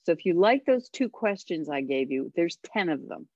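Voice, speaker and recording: A woman's voice: on the low side, very animated, normal speed, a little mellow, dry recording. Woman guest on a radio show, encouraging parenting advice, muffled dry call audio. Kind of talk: radio interview over a call line.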